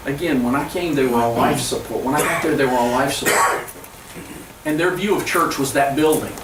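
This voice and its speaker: Man, pastor, earnest storytelling, halting restarts, fairly high voice, distant mic, echoey hall. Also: slight background noise. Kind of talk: presentation to church leaders. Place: church hall. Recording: echoey room, from far off.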